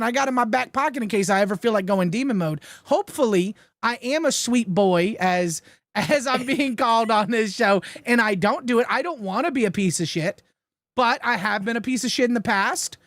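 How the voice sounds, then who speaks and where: A man's voice: very high-pitched, animated, a little fast, fairly bright tone, no echo. A man from Florida arguing heatedly and defensively in a podcast talk, swearing often and with emphasis.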